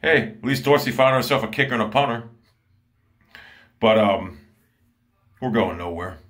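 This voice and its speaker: A man's voice: on the low side, lively intonation, moderate pace, a bit bright. Angry man ranting profanely. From Ohio, USA. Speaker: sports commentator. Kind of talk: angry fan rant.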